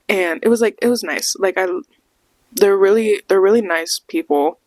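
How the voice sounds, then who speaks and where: A woman's voice: lowish voice, steady tone, normal speed, no room sound. A young woman hosting a podcast, telling a rambling concert story with a lot of swearing and acting out what people said. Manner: rambling, swears a lot, acts out quoted voices. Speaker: podcast host. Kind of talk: casual storytime monologue.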